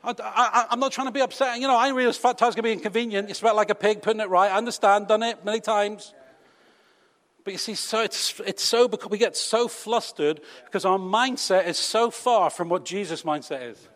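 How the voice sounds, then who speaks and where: A man's voice: high-pitched, brisk, fairly bright tone. A British man preaching a sermon to his congregation in a conversational, teasing way, full of rhetorical questions. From Britain. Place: church hall. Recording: long reverb of a church hall.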